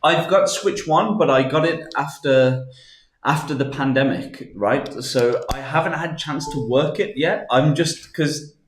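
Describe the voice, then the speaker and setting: A man talks casually as a guest on a live stream, joking and playful. His voice sits a little high. The sound is roomy with a noticeable echo. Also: a little slow, slight background noise. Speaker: guest mentalist.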